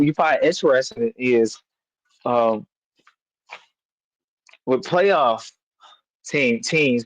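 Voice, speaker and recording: A man's voice: mid-range voice, dry recording. A man hosting a casual live sports chat, rambling with fillers and breaking into playful sing-song chants. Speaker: sports podcast host. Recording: dull lo-fi dry mic.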